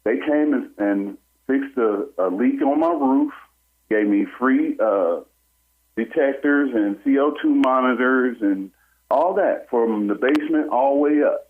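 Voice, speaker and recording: A man calling in to a radio show, telling a personal story in an animated way and acting out what other people said. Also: mid-range voice, a little slow. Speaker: caller. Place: on a phone call into a radio show. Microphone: telephone. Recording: tinny phone line.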